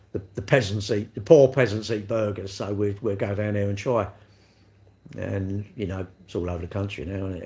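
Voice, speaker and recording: A man's voice: lowish voice, gravelly. Rambling man in his sixties. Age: 60s. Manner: rambling, self-mocking, laughs often. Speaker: livestream host. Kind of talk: casual livestream chat reading comments.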